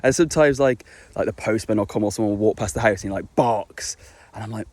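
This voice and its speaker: A man's voice: on the low side, quick pace, darkish tone. A young man chatting casually to camera, rambling and swearing, full of fillers and restarts. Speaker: vlogger.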